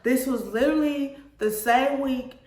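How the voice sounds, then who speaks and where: A young woman tells her own story straight to camera, earnest and emotional, calling her viewers y'all. Her voice sits fairly high. The room around her sounds echoey. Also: unhurried, darkish tone. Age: 20s. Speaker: vlogger.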